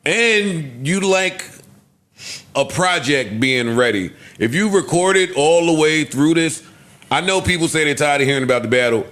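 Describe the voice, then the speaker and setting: A man co-hosting a podcast, talking in casual, playful banter and telling lively stories. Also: a little high, a little slow. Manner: animated, playful storytelling. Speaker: podcast co-host.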